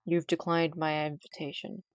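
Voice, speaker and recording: A woman streaming a game live, chatting casually with her chat and teasing them in a dry, deadpan way. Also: low-pitched, normal speed, clear, resonant tone, dry recording.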